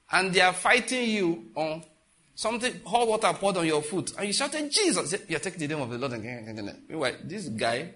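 A man delivers a sermon as pastor, his voice sitting a little high for a man. He preaches emphatically, swinging his pitch and loudness up and down. He keeps throwing rhetorical questions at the congregation.

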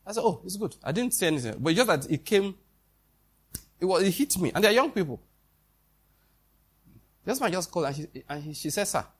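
A man's voice: sits high, sing-song, brisk, long pauses, slightly rough. A man preaching a sermon in a conversational way, with quoted dialogue and questions to the congregation.

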